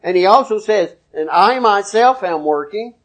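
A man's voice: high voice, expressive, moderate pace. A man preaching a sermon in a folksy, conversational way, working through scripture references.

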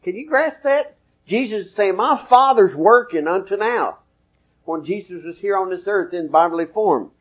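Speaking at a normal speed, a man preaches in a laid-back, folksy, conversational style, quoting chapter and verse as he goes. His voice is fairly high for a man.

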